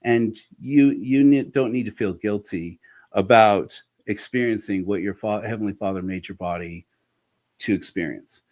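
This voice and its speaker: A man as an interview guest, telling personal stories in a frank, animated way with frequent restarts. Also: lowish voice, moderate pace. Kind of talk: candid conversational storytelling.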